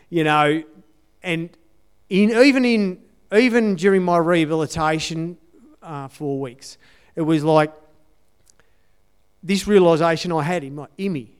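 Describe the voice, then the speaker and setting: A man's voice: fairly high pitch, a little slow, smooth. A man giving a conversational sermon testimony in an earnest way, repeating his key phrases. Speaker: church speaker sharing testimony.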